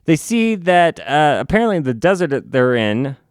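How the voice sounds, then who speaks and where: A man reviewing a comic book in a casual recap, halting and restarting, with sarcastic asides. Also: on the high side, sing-song, dry recording, studio quality.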